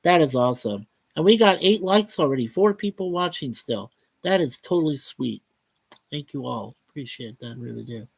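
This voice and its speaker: A man hosts a casual livestream in a medium-pitched voice. He is chatty and upbeat as he reads viewers' messages aloud. The sound is dry and close. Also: lively intonation, normal speed, gravelly, husky, no room sound. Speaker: livestream host.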